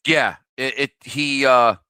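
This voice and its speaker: A man's voice: medium pitch, steady tone, takes it slowly, pushed and bright, clean tone, no room sound. A man co-hosting a podcast in casual chat, hesitant with many fillers and restarts. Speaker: podcast co-host.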